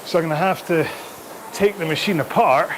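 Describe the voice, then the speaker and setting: With a fairly quick delivery and a slightly high voice, a man chats through a live follow-along rowing session, out of breath between sprints. He wears a throat microphone in his home studio, and background noise is audible.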